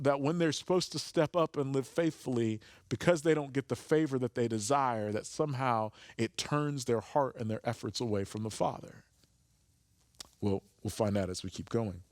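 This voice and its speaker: A man's voice: medium pitch, a little mellow, dry recording, clean studio sound. A man preaching a sermon as pastor, earnest, often repeating words as he searches for a phrase.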